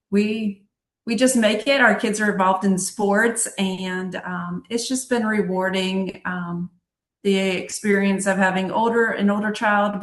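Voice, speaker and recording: A woman in her forties, a teacher, introducing herself on a video call in a thankful, quick way. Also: mid-range voice, echoey room.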